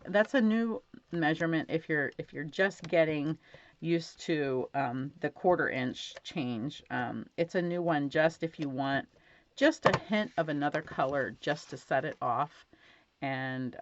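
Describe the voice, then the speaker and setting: A woman teaching card stamping at her craft desk at home, chatting casually and gushing over how her cards turn out. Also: low voice. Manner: chatty, gushing over results, many fillers. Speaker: stamping instructor. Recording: dull lo-fi home recording.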